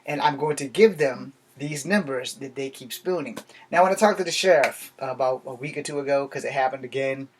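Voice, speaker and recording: A man's voice: medium pitch, fairly quick, slight background noise. A man from Virginia talking straight to his viewers in a rambling, profane rant, blunt and heated. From Virginia, USA. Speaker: vlogger. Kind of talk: casual ranting monologue.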